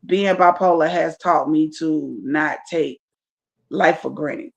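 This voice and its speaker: A woman comedian chatting as a podcast guest, with a gravelly, rough edge to her voice. She talks in a blunt, emphatic and profane way, leaning on repeated phrases and checking whether you follow her. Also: low-pitched, slow pace, muffled recording. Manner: profane, emphatic, keeps asking "you feel me". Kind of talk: casual podcast chat.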